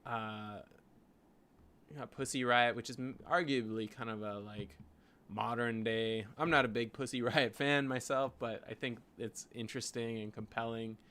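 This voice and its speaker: A man's voice: mid-range voice, steady tone, moderate pace, bright, forceful tone, smooth. A man with a Canadian accent, a graphic designer rambling casually as he talks through his design work, full of "like" and "you know". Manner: thinking aloud, rambling with frequent "like" and "you know". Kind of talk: casual screen-share design vlog.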